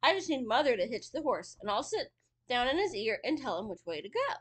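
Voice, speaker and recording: Tiny clever storybook boy, put on by a woman, bright and eager, lots of pitch movement. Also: big pitch swings, fairly quick. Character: tiny clever cheeky boy no bigger than a thumb.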